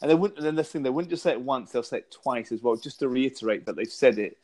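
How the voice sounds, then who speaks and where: A middle-aged man with a British accent, talking casually as a podcast co-host. He tells anecdotes with plenty of restarts and breaks into laughter between thoughts. His voice sits at an ordinary pitch for a man. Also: fast, darkish tone. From Britain. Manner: chatty storyteller, frequent restarts and laughs. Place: lives in Los Angeles.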